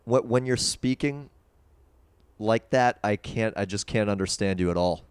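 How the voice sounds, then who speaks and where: A man's voice: fairly low pitch, a little slow, clean tone, no room sound. A man hosting a live call-in stream, teasing a caller with dry sarcasm. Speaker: livestream host taking calls.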